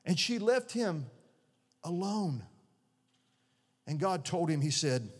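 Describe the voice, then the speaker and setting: A man's voice: high-pitched, sing-song, slow, long pauses, husky. Earnest preaching man in a reverberant hall. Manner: earnest, conversational preaching with many restarts. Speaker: pastor. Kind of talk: sermon. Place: church sanctuary. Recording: long reverb of a large hall.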